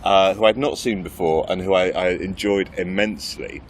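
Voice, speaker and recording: A low-voiced man hosts a casual improv podcast. He talks hesitantly and often gropes for words, laughing easily along the way. Light traffic noise sits faintly behind him. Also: steady tone, moderate pace. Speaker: podcast host. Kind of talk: casual chat.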